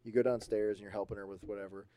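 A man co-hosting a casual podcast, telling scary stories in an animated way and acting out sounds and voices. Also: on the low side, racing. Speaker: podcast co-host. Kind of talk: casual chat.

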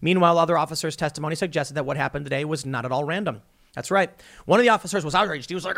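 Gravelly yet fairly bright, a man's high-leaning voice rushes along very fast. He's a political commentator in an opinionated, combative monologue, hammering points emphatically and restarting often.

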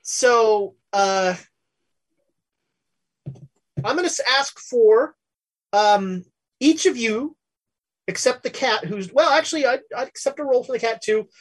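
A woman narrating as game master of a tabletop game, halting and full of fillers. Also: fairly high pitch, lively intonation. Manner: hesitant, full of fillers and laughs while describing scenes.

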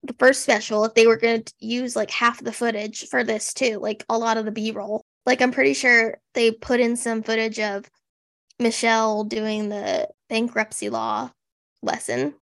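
A woman's voice: on the high side, little pitch movement, moderate pace, vocal fry, a bit bright, no echo, studio quality. A woman co-hosting a podcast, chatting sarcastically about a TV special with lots of "like" fillers. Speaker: podcast co-host. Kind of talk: casual chat recapping a TV special.

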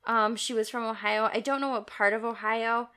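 A woman's voice: on the high side, fairly even intonation, moderate pace, sharp tone, clean tone. A woman co-hosting a casual podcast chat, recounting stories with frequent small laughs. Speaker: podcast co-host.

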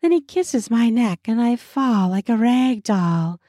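Slow, breathy woman narrating intimately. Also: fairly high pitch, animated, dry recording, clean studio sound. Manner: breathy and intimate, slipping into soft moans. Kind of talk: first-person erotic audio story narration.

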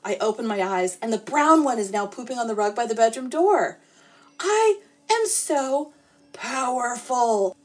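A woman narrating a playful, deadpan comic sleep story in the first person. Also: fairly high pitch, a little fast, few pauses. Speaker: podcast storyteller.

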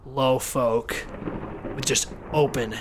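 A man's voice: medium pitch, fairly even intonation, takes it slowly, background noise. A man narrating a tabletop game as game master, describing scenes loosely with many restarts.

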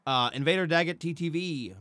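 A man's voice: fairly high pitch, a little fast, bright, forceful tone, dry recording. A man co-hosting a podcast, joking and swearing in casual chat. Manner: profane, wisecracking. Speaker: podcast co-host.

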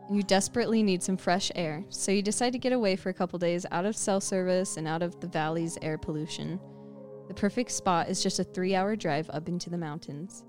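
Woman podcast host, low voice, spooky second-person storytelling, faint music behind. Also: a little mellow. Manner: second-person scene-setting, leading the listener.

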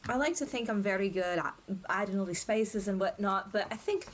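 A woman's voice: medium pitch, fairly quick, slight background noise, close to an everyday voice. Hamish, a woman doing a genial Scottish baker. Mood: earnest. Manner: hesitant, rambling with fillers. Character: middle-aged male Scottish baker, genial and earnest.

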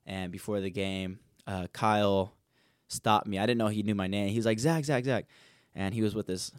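A man's voice: lowish voice, clear, resonant tone, no echo, clean studio sound. A young man hosting a solo podcast, telling a casual, rambling story and acting out what people said. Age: young adult. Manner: rambling, animated, acts out quoted dialogue. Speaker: podcast host.

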